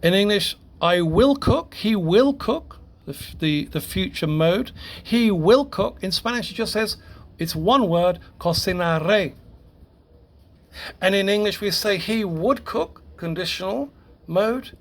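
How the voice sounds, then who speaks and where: Male language teacher, unhurried classroom delivery, stumbles and restarts, voice a bit higher than most men. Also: animated. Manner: halting, repeats words and self-corrects. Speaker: Spanish grammar teacher. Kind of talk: classroom grammar lesson.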